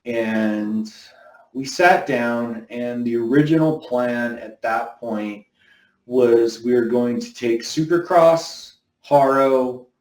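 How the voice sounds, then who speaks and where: A man's voice: mid-range voice, slow pace. Man telling a story in a roomy echo. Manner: rambling, animated, quotes others in conversation. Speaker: BMX brand owner recounting company history. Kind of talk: casual storytelling interview. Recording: roomy echo, somewhat far from mic.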